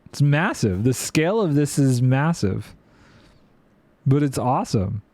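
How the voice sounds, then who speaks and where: A man's voice: mid-range voice, sing-song, unhurried, darkish tone, dry recording. A man streaming a building game, chatting playfully and thinking aloud while reading chat. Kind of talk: casual gameplay commentary.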